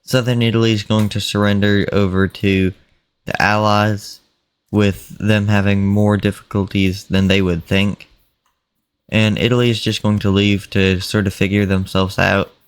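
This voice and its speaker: A man casually narrating an imagined war over a map, unhurried and plain, with fillers and mock quotes. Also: low voice, smooth, no echo.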